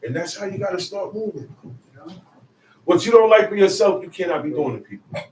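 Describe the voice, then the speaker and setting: A man preaches in a fairly high voice that is casual and conversational. He now and then bursts into shouts for emphasis. The sound is roomy and a little distant from the mic. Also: lively intonation, brisk, a little hiss or hum. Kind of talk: sermon.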